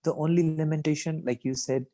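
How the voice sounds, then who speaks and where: A man speaks in a reflective devotional talk at a scripture reading. His voice is mellow and dark in tone. He talks thoughtfully, wanders between points and often fills with "you know". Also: on the high side, fairly even intonation, a little fast, poor audio. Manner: thoughtful, rambling, many "you know" asides.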